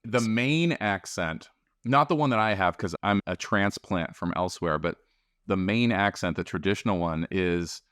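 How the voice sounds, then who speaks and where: Man, podcast co-host, low voice, rambling and chuckly, dry close sound. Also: normal speed, fairly bright tone, smooth, dry recording. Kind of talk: casual conversation.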